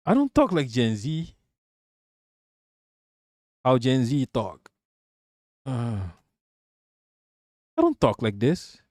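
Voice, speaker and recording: A man's voice: medium pitch, wildly swooping pitch, slow pace, long pauses, darkish tone, no room sound, studio quality. Profane joking male streamer. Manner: profane, joking, reacts to chat aloud. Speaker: streamer reading chat. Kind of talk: casual live stream chat.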